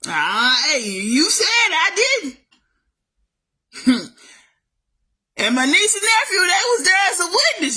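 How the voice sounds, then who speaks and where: A woman's voice: sing-song, takes it slowly, long pauses. Fired-up woman ranting to the camera. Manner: heated, calls the listener baby, swings loud and high. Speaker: vlogger. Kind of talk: emotional family rant to camera.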